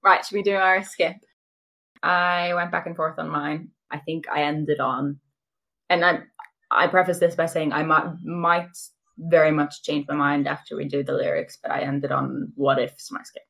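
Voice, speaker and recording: A woman with a somewhat low voice co-hosts a casual podcast. She chats freely, laughs often and drops into quick quoted asides. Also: steady tone, gravelly, a bit bright. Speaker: podcast co-host. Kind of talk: casual chat.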